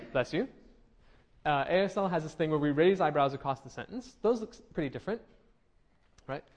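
A linguistics lecturer teaches a class in a fairly high, slightly mellow voice, animated and at a moderate pace. He explains step by step and frequently checks in with his students.

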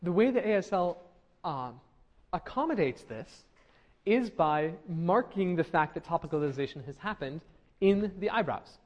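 A man's voice: fairly high pitch, animated, normal speed, muffled recording. A young man teaching a linguistics class, explaining patiently and often checking in with students, with frequent ums. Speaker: linguistics instructor. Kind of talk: classroom lecture.

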